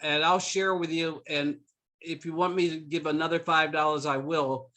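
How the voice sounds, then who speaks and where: A man's voice: fairly high pitch, flat delivery, moderate pace, bright, forceful tone. A man giving jovial, earnest remarks at a club meeting. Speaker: club member.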